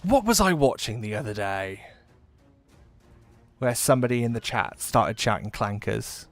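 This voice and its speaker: A man's voice: medium pitch, big pitch swings, measured pace, faint music behind. A man chatting casually while live-streaming a game, rambling and swearing freely.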